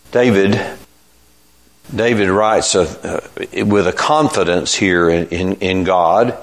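Older man, preacher, low voice, very slow, reflective, halting restarts. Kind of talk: informal sermon.

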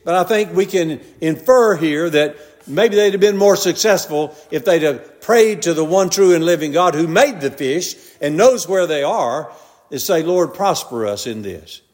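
Older male preacher, Southern drawl, fairly high voice, homely down-to-earth delivery with a long church echo. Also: moderate pace, darkish tone. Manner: homely storytelling, repeatedly addressing "brethren". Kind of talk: folksy conversational sermon. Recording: long reverb of a large hall.

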